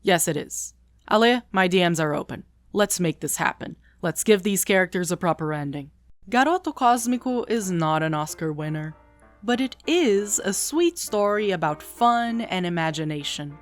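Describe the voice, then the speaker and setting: A woman narrates her own video essay from a script, playful and animated throughout. Her voice sits on the low side, and her pitch swings freely up and down as she reads. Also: normal speed, soft background music.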